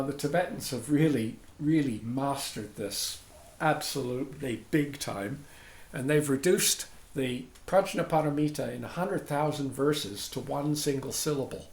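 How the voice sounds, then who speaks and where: A man's voice: on the high side, a little mellow. A man giving an informal dharma talk to a group, chatty and digressive, often checking in with "right?". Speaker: dharma teacher. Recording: roomy sound with faint background noise.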